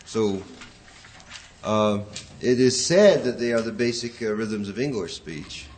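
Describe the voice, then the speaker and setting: Man, poetry teacher, lower pitch, faint hiss, rambling classroom lecture. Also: lively intonation, unhurried, a little mellow. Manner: rambling, hesitant, chants rhythms aloud as "da da".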